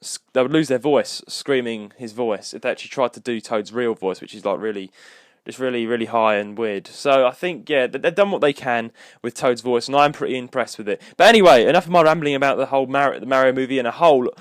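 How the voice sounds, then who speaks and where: A man's voice: mid-range voice, fast talker, no echo, clean studio sound. A young man, hosting a solo podcast episode in a rambling, casual chat with lots of restarts. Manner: rambling, with many restarts and fillers. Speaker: podcast co-host.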